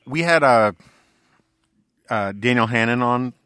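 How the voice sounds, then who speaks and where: A man's voice: mid-range voice, slow pace, bright, forceful tone, clear, resonant tone, no echo, clean studio sound. A man hosting a podcast, asking his questions in a casual, conversational way with plenty of fillers. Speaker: podcast host.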